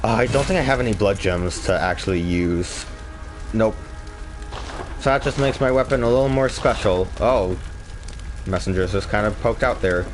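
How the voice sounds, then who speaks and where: A man's voice: lowish voice, moderate pace, pauses often. A man casually commenting on his video game playthrough in a joking, sarcastic way. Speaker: let's play host. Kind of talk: gaming commentary. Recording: game music underneath.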